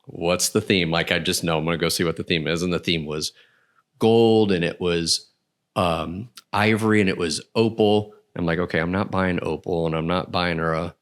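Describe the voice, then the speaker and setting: A man's voice: deep voice, steady tone, moderate pace. A man hosting a podcast, telling a story in casual chat and laughing as he goes. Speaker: podcast host.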